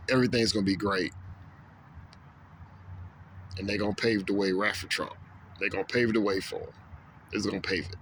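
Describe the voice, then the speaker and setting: This video blogger has a mid-range, slightly bright voice, and the recording carries a little hiss or hum. Speaking straight to camera in a casual opinion monologue, he repeats himself, restarts with stammers, and acts out quoted voices.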